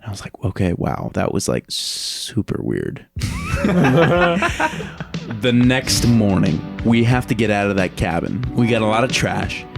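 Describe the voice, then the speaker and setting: A man telling a story in casual podcast chat, animated, laughing often and acting out what people said. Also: lowish voice, vocal fry. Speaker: podcast guest.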